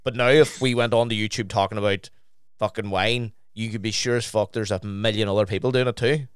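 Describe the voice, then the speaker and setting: A man chatting on a podcast, blunt and sweary as he tells his stories. His voice sits fairly low and comes across smooth. The recording is close and dry, with no room sound. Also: a little fast, dry recording. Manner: blunt, sweary, animated storytelling. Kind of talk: casual chat.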